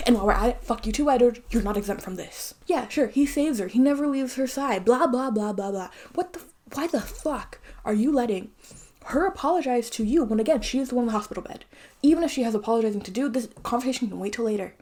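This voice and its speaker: A woman's voice: fairly high pitch, quick pace, warm tone. A young woman giving a casual, ranting video commentary, swearing freely and dropping into sudden whispers. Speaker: video essayist.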